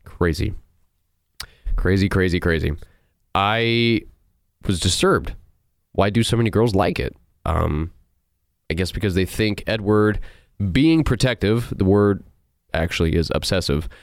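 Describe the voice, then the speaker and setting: A man hosting a movie review show, ranting in an animated, sarcastic and incredulous way. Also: sits low, measured pace, creaky, pauses often, dry recording, clean studio sound. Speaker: host.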